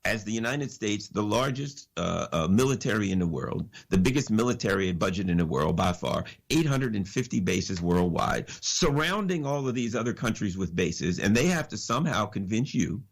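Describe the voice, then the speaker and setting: A man's voice: on the low side, lively intonation, normal speed, creaky, few pauses. A man giving an impassioned political commentary as a radio guest, preachy and full of rhetorical questions and repeated phrases.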